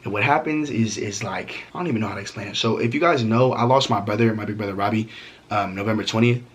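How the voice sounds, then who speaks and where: A young man rattles through a storytime vlog at speed, his husky, low voice loaded with slang and swearing. He talks loosely and animatedly, piling on fillers as he goes. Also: fast. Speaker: storytime vlogger. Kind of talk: casual profane storytelling.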